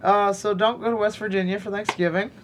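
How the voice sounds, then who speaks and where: A man co-hosting a podcast, chatting casually and teasing his co-host with a joking, devil's-advocate edge. A faint low rumble sits under his voice. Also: steady tone, fairly quick. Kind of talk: casual chat.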